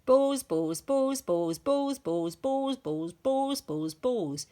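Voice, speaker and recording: A woman voicing a frantic male schoolteacher who booms and shouts the same word over and over, in a storybook reading. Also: sing-song, unhurried, exaggerated voice. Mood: manic. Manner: booming, shouting repeatedly.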